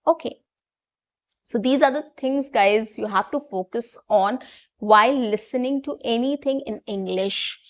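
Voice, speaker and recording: A woman teaching a spoken English lesson to her viewers, patient and repeating her points with fillers. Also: a little high.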